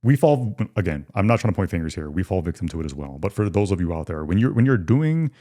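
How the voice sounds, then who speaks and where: A man's voice: deep voice, big pitch swings, quick pace, mellow. A man co-hosting a casual podcast, making his points emphatically with rhetorical questions and repeated words. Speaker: podcast co-host.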